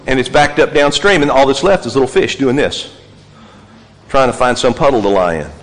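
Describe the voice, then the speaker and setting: A man's voice: mid-range voice, fairly quick. Male pastor preaching in a hall. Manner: animated storytelling, repetitive emphatic lists. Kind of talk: sermon.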